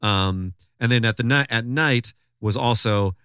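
Profane, animated male podcast host. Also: medium pitch, a little slow, clean tone, no echo, studio quality. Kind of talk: casual storytelling chat.

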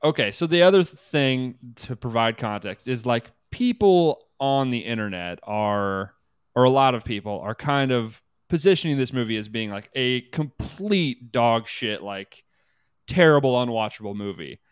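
A man's voice: medium pitch, animated, normal speed, clean tone, no echo, studio quality. A man co-hosting a casual podcast chat, rambling and swearing freely. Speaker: podcast co-host.

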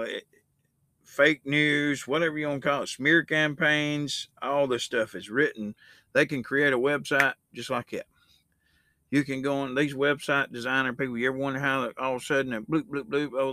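A man's voice: mid-range voice, bright, forceful tone, no echo, clean studio sound. A man hosting a Christian podcast, talking in a loose, rambling way and reading scripture aloud with rising emphasis. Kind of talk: casual spoken sermon.

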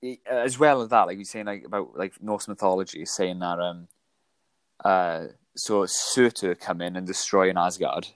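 A man's voice: low voice, steady tone, normal speed, no echo. A man co-hosting a podcast, reviewing films in casual chat, thoughtful and hesitant with many fillers. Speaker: podcast co-host.

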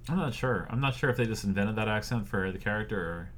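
A man's voice: fairly low pitch, expressive, quick pace, slight background noise. A man hosting a casual interview, asking questions and cracking teasing jokes.

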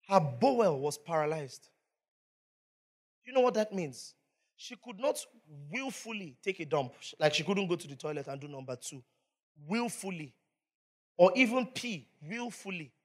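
A preacher telling a story in a sermon, animated and stopping to ask the listeners questions. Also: medium pitch. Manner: animated, asks the audience questions.

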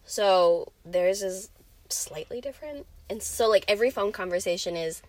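A woman's voice: medium pitch, moderate pace, darkish tone, no room sound. A young woman with a General American accent, chatting casually with friends in a rambling, giggly way. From USA. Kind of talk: casual chat.

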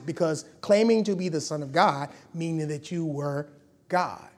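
A man preaching a sermon, lively and conversational, acting out quoted voices as he explains scripture. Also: high voice, normal speed. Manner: animated, acts out quoted voices.

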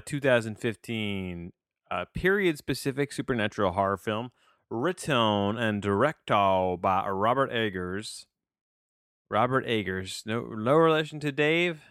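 A man's voice: mid-range voice, a bit bright, clear, resonant tone, dry recording, studio quality. A man doing a put-on English accent as he opens a casual movie review podcast, drawing out his words theatrically.

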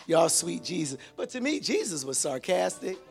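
A male pastor delivers an animated sermon in call-and-response style. His voice sits high for a man, and he swings from near-whispered asides to shouted exclamations. Soft music plays faintly behind him. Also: normal speed. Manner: animated, call-and-response preaching with sudden shifts from hushed to shouted.

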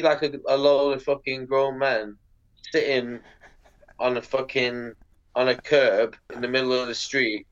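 A man's voice: mid-range voice, lo-fi sound. A man, a pro skateboarder chatting as a podcast guest, swearing freely and acting out the people in his stories. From England. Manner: sweary, animated, acts out voices in anecdotes. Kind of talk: casual interview storytelling.

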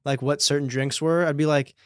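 A man's voice: a little high, fairly even intonation, fairly quick, no echo, clean studio sound. A man telling laid-back, swear-filled comedic stories in casual podcast chat, laughing along.

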